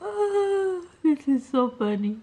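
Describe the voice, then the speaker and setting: A woman's voice: high voice, very animated, slow pace, dark tone, slight background noise. A young woman vlogger chatting casually on a video call, teasing and laughing often.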